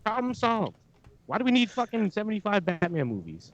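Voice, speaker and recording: A man's voice: high voice, huge pitch swings, brisk, highs cut off, a little hiss or hum. Laid-back, blunt male guest. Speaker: podcast guest. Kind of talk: casual chat.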